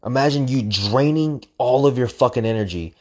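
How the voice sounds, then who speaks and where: A man's voice: mid-range voice, moderate pace, darkish tone. A young man telling a story in a casual, intense way, swearing often, repeating phrases and acting out his own inner voice. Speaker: storyteller recounting a hard run.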